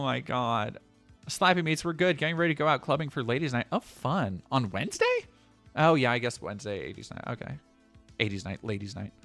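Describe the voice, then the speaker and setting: A male streamer reads news headlines to his chat and reacts with mocking asides. His everyday voice swings widely in pitch. Faint music plays behind him. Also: fairly bright tone. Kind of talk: casual stream commentary.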